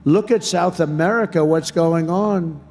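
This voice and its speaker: A man's voice: a little high, measured pace, darkish tone. A man speaking as a politician, rambling and repeating himself.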